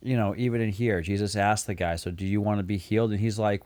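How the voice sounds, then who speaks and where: A man with a fairly low voice in casual podcast talk. He reflects out loud and keeps using "you know" as he goes. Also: fairly even intonation, quick pace, hardly any pauses. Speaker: podcast co-host. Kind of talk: casual chat.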